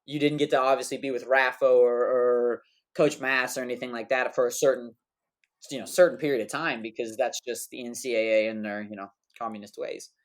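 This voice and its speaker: A man of middle pitch hosts a relaxed podcast conversation. He rambles, tosses in slang, and circles back with fillers and restarts as he thinks aloud. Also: fairly quick. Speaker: podcast host. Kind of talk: casual podcast chat.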